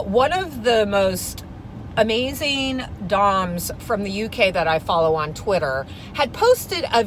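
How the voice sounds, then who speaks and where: A woman ranting casually, swearing freely and telling a story with loud quoted outbursts. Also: a little high, slight background noise, rough recording. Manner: profane, animated storytelling with shouted outbursts. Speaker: vlogger. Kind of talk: casual rant.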